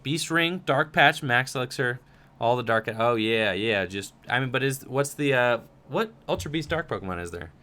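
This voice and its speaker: Reading chat questions out loud during his livestream Q&A, a young man answers in a casual, filler-heavy way. He speaks at a normal speed with a medium-pitched, expressive voice and a sharp tone.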